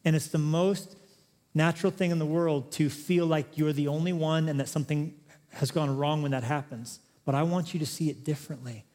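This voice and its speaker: A man's voice: a little high, steady tone, a little fast, a little mellow. Man preaching in an echoing church hall. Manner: conversational and humorous, building to emphatic exhortation. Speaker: pastor. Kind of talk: sermon. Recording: long reverb of a large hall.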